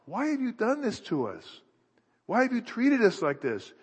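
A man's voice: very high voice, wildly swooping pitch, moderate pace, breathy edge, pitched above the performer's own voice, exaggerated voice. A man voicing an anxious mother asking her son pleading, reproachful questions, in an echoey hall.

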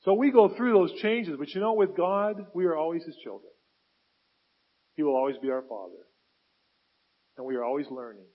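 Earnest pastor with a lightly raised voice. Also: male voice, a little high, moderate pace, pauses often, highs cut off. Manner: earnest, repeats phrases for emphasis, stumbles and restarts. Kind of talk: sermon. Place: church service.

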